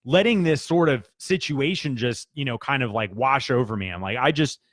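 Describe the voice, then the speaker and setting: A man's voice: medium pitch, normal speed, a bit bright, no echo, studio quality. A man telling a personal work story in a casual, earnest, conversational way, with restarts and fillers. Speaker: business speaker.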